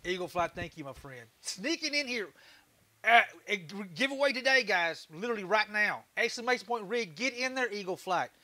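A Texan man hosts his woodworking livestream in a loose, laid-back chat, laughing easily and tossing in casual swears. His voice sits high for a man and rings bright and forward. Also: lively intonation, a little fast. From Texas. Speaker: livestream host, woodturner.

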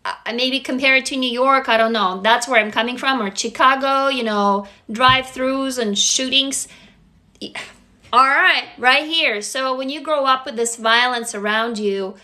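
A middle-aged woman with a Russian accent talks candidly on a phone livestream, drifting between stories and reading viewers' comments aloud. Her voice is bright and clear, pitched a little high. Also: a little slow. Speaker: livestream host. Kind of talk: casual livestream chat.

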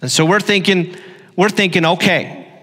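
A man's voice: high-pitched, steady tone, normal speed, a bit bright. A middle-aged man preaching a sermon as pastor, telling stories with emphatic repetition. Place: church hall. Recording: long hall reverb.

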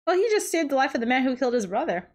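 A woman reacting to a movie as the host, loudly cheering, cursing and laughing at the screen, with the film soundtrack playing underneath. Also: sits high, sing-song, racing, very noisy. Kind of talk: casual movie reaction commentary. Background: movie audio and music.

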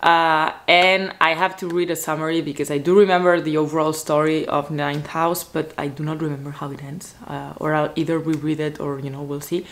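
A woman vlogger chatting casually about books to a camera at home, excitable and full of "like" fillers. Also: low voice, brisk, few pauses. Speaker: book vlogger. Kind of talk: casual book chat to camera.

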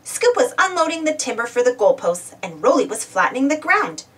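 A woman reads a children's storybook aloud with a high, very animated voice. She sounds a little distant, as if set back from the microphone. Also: a little fast. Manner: expressive, animated.

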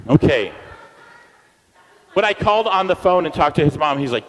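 An energetic man leads a church crowd through chants and call-and-response in a high, bright voice that swoops up and down. His words ring out with a long reverb through the church hall. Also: normal speed, long pauses, noisy background. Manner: energetic and playful, leading the crowd in repeated chants. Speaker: guest speaker at a church service.

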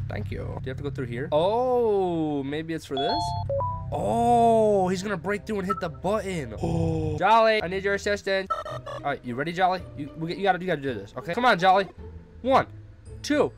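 A man doing horror game commentary, animatedly bossing around his drone and shrieking when scared. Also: sits high. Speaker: gaming YouTuber. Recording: music playing behind voice. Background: game music.

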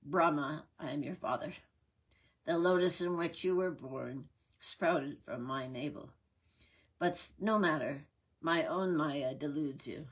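A woman reading aloud, voicing a calm, languid elder male god who speaks to his son. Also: deep voice, a little slow, breathy edge.

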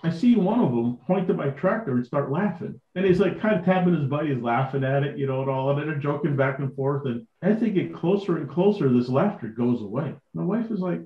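A man guest on a podcast, telling lively anecdotes and acting out the people in them. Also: mid-range voice, fast talker, few pauses, reverberant, dull audio. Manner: animated anecdote-telling with quoted dialogue. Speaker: podcast guest, tractor collector. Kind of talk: casual storytelling.

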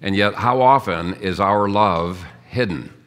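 A man's voice: low voice, measured pace, fairly bright tone, clear, resonant tone. A man preaching a sermon as pastor, teaching earnestly and reading out scripture. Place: church.

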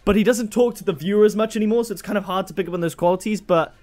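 A man's voice: high-pitched, racing, a little mellow. A man YouTuber chatting casually and self-deprecatingly between impressions.

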